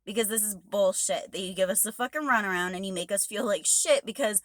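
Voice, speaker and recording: A woman's voice: mid-range voice, brisk, fairly bright tone, no echo. Fed-up swearing woman ranting. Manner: swearing heavily, exasperated. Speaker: truck driver. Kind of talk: angry rant to camera.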